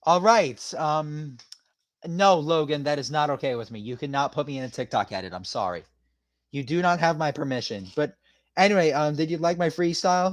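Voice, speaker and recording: A man's voice: fairly high pitch, moderate pace, no room sound. A man streaming casually, loosely freestyle rapping and answering chat with lots of rambling fillers.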